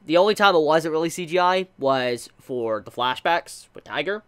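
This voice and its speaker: An anime reviewer talks through a casual video rant in a pitch that swings wide, jumping between disbelieving questions and low, deflated remarks. The delivery is exasperated and repetitive, with stammered restarts and repeated words. The voice sits at a middle pitch. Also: expressive, moderate pace, clear, resonant tone. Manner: restarts and stammers while thinking aloud.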